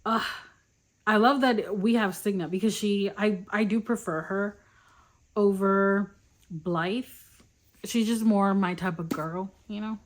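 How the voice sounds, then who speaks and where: A woman's voice: medium pitch, moderate pace. Young woman, casual book vlog chat, gushing, easily delighted. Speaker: book vlogger.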